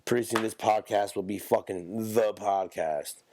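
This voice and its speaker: A man's voice: on the low side, steady tone, a little slow, darkish tone, a little hiss or hum. A man hosting a solo podcast in loose, profane, rambling casual chat with joking asides, coughing and stuffed up from allergies. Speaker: podcast host.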